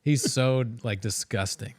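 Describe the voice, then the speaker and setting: A man's voice: mid-range voice, slow, darkish tone, no echo. A man co-hosting a casual livestream, joking crudely and laughing often as he reacts to clips.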